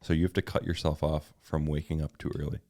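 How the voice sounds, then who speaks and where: A man's voice: rumbling low, level tone, fast talker, warm tone, no echo, studio quality. A young man from Wisconsin co-hosting a podcast, chatting casually and joking, saying "dude" a lot. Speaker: podcast co-host. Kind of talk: casual chat.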